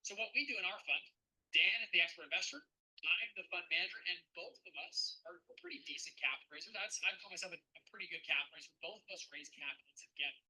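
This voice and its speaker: A fund manager teaching a live-streamed webinar in a loose, chatty way, often repeating words and talking to the chat. His voice is very bright and slightly husky. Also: high-pitched, quick pace, low-quality recording.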